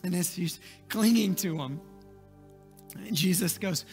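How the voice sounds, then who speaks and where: High-voiced preacher guy, slow and dramatic, goes quiet then loud. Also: soft background music. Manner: dramatic storytelling, swinging from hushed to shouting. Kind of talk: sermon.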